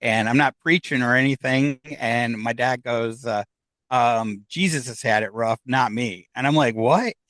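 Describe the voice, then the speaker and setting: A man's voice: mid-range voice, measured pace, a bit bright, no echo. A man telling a personal story in casual conversation, acting out the voices of the people in it. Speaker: guest.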